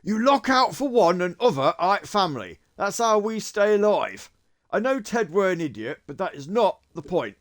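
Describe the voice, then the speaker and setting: A man voicing a stern male gang leader who lectures his crew in a gruff, exasperated way. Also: sits high, very animated, moderate pace, a bit bright, voice pushed up. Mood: scolding.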